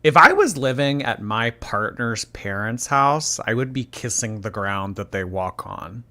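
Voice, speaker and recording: Male commentary host, bright forward tone, sarcastic and blunt delivery. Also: medium pitch, expressive, unhurried. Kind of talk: casual reaction commentary.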